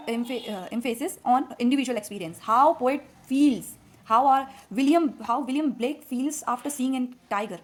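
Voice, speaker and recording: A woman teacher with an Indian English accent, lecturing with a slightly raised pitch while nursing a cold. She explains patiently in small steps, peppering her talk with fillers and quick checks for understanding. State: has a cold. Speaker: literature teacher. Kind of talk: classroom lecture.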